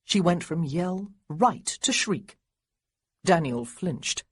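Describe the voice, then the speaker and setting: Husky, expressive woman audiobook narrator. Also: fairly low pitch, slow, no echo. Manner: expressive, lively character dialogue.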